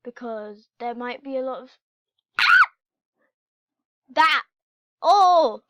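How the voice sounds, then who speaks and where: A woman giving casual, excitable commentary while playing a video game and chatting to her in-game pets. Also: high-pitched, slow pace, very noisy. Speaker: gameplay channel host. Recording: dull lo-fi home recording.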